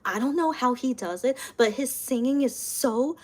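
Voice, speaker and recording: A woman's voice: high voice, animated, normal speed, darkish tone. Chatty young woman live-streaming. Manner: chatty, repeats words, laughs often, reads viewer comments aloud. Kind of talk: casual live-stream chat.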